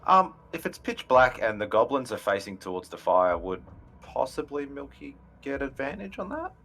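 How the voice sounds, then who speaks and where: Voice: mid-range voice, sing-song, moderate pace, a bit bright, a little hiss or hum. A player chatting casually at a game table in a teasing manner. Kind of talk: casual chat.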